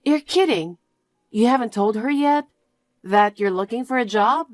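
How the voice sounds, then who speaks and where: Storybook lead: woman playing a firm, earnest young fiancée, raised pitch, dry sound. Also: expressive, normal speed, no room sound, natural voice. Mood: puzzled. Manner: earnest and questioning. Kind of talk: storybook narration.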